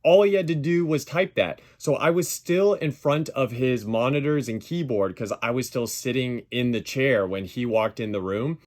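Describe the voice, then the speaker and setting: A man's voice: mid-range voice, normal speed, few pauses, a little mellow. Emphatic man rebutting claims point by point. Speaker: YouTuber responding to a dispute. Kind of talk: commentary over played clips.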